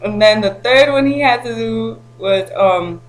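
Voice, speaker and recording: A woman's voice: fairly high pitch, a little slow, low-quality recording. Chatty woman vlogger telling a story. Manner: animated and slangy, breaks into laughter. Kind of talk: casual storytelling to camera.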